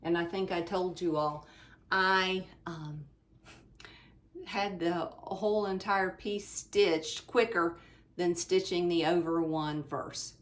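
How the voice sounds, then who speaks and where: A woman hosting her own craft channel, chatting casually at home as she shows her finished projects, often pausing with ums and speaking to viewers as "you all.". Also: lowish voice, steady tone. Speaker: cross-stitch channel host. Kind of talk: casual show-and-tell chat. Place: indoors at home, fan running.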